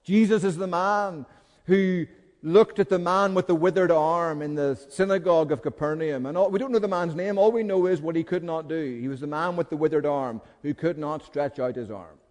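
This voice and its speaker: A man preaching a sermon with passion, moving from hushed pleading to loud, urgent calls. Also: a little high, moderate pace. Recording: long hall reverb.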